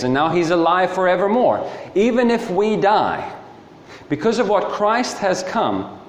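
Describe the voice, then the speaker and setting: Lively preacher in an echoey hall. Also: male voice, high-pitched, a little hiss or hum. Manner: animated storytelling, asks rhetorical questions. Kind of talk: sermon. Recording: echoey hall with faint ambience.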